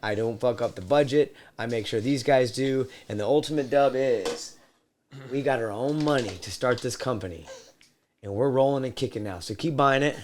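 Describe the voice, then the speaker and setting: A man hosting a podcast from his home man cave, casual talk that builds into loud wrestling-style promo shouting. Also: medium pitch, normal speed, slight background noise. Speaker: podcast host.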